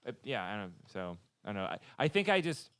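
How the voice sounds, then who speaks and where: A man's voice: lowish voice, very animated, a bit bright, smooth. A man co-hosting a casual podcast chat, rambling and stopping often to restart his sentences. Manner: rambling, halting with many restarts. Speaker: podcast co-host.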